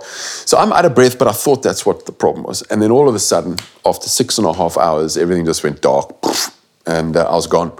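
A man's voice: on the low side, darkish tone. A middle-aged man telling an interview story in a blunt, earnest way, swearing casually. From South Africa. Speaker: guest. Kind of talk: first-person story in an interview.

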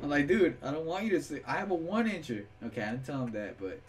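A young man hosting a casual gaming video, swearing and laughing as he tells stories and yells instructions at a friend. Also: on the high side, sing-song, fast talker, a little hiss or hum. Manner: profane, laughing, swings from storytelling to yelling at his partner.

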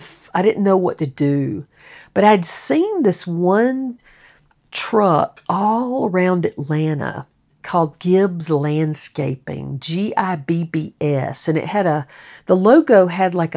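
A woman with a deep, low voice tells a personal story in a frank, conversational way, and she swears casually. The recording sounds dull and lo-fi. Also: a little mellow.

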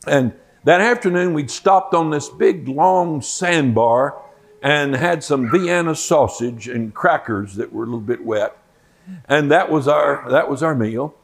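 A man's voice: on the high side, measured pace, gravelly. An older man, a Bible teacher, telling a folksy personal story in a sermon and acting out the quoted lines.

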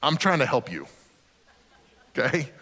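A man's voice: mid-range voice, big pitch swings, measured pace, sharp tone, breathy edge, big-room sound. A man pastor preaching a sermon in a conversational, earnest way, often repeating a word as he starts a sentence.

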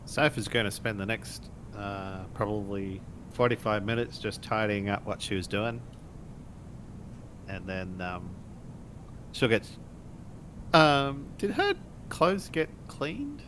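Slow, hesitant man at a game table. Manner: hesitant, lots of ums. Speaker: player. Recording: steady rumble in background.

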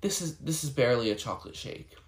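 A man's voice: mid-range voice, expressive, fast, creaky. A man quoting a rude, demanding woman customer. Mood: indignant. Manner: indignant, demanding. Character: rude entitled woman customer at an ice cream shop.

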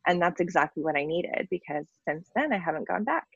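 A woman's voice: fairly low pitch, animated, brisk, vocal fry, slightly rough, no room sound, lo-fi sound. A woman business coach talking earnestly in an interview, tired after little sleep, with many ums and likes. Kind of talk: casual interview conversation.

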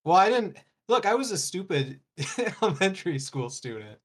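A man's voice: high-pitched, sing-song, normal speed. A young man chatting casually as a podcast guest, joking and self-deprecating. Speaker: intern and guest. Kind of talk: casual chat.

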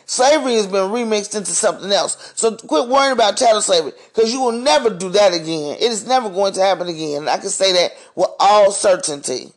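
A man's voice: high voice, a little fast, hardly any pauses. A man hosting a podcast, speaking in a blunt, profane, heated monologue rant. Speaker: podcast host. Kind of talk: ranting monologue.

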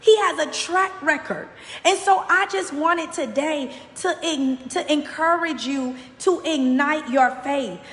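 A woman's voice: sits high, measured pace, a bit bright, echoey room, big-room sound. A woman hosting a motivational faith podcast, giving a fervent, preacherly message straight to her listeners.

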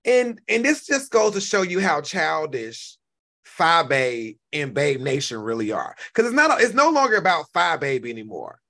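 A man in his forties hosting a casual live-stream rant, animated and profane, repeating himself and now and then breaking into shouts. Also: fairly high pitch, normal speed. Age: 40s. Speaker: YouTube commentary host.

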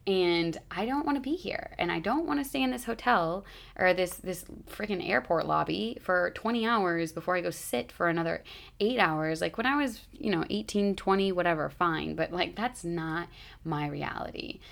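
Woman, 30s, low gravelly voice, casual rambling vlog storyteller with heavy filler words. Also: moderate pace. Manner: rambling, chatty, lots of "like" fillers.

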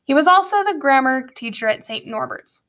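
A woman reading a storybook aloud as narrator, with lively storytelling and wry asides. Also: high-pitched, fairly quick. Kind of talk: audiobook narration.

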